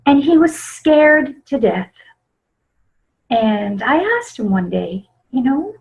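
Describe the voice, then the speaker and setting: Soft-spoken female grief educator, slow pace, slightly muffled lo-fi sound. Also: a little high, animated, creaky. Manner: slow, gentle, soft-spoken, with frequent small laughs. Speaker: grief educator presenting a webinar. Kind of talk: teaching webinar talk. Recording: slightly dull lo-fi webinar audio.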